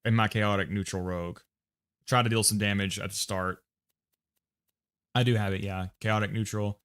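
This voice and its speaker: Low-voiced man muttering through a game stream. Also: steady tone, moderate pace, fairly bright tone, clean tone. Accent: American. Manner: muttering to himself while planning a loadout. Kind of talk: casual livestream gameplay chat.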